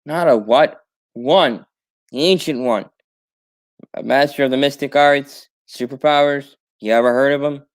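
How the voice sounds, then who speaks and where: Calm mystic sorceress, low and hushed, matter-of-fact, as a male host puts her on casually. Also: a little slow, natural voice. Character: calm, knowing female sorceress mentor.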